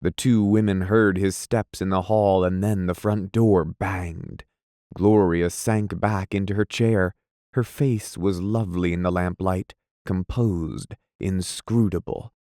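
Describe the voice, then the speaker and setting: A man narrating a classic novel as an audiobook reader, even and unhurried. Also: deep voice, no room sound, clean studio sound. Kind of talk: scripted narration.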